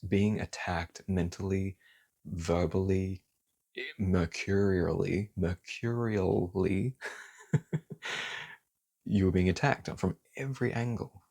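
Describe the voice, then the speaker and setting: A man's voice: sits low, slow, long pauses, darkish tone. A man giving a casual tarot reading, talking heatedly, swearing and then apologizing for it. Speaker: tarot reader.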